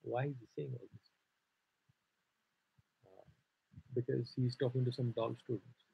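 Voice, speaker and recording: Indian male scripture teacher, raspy and gravelly, rambling explanatory delivery, muffled livestream sound. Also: medium pitch, little pitch movement, unhurried. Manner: explanatory and digressive, many "sort of" hedges. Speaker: Vedanta teacher. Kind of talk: scripture class lecture.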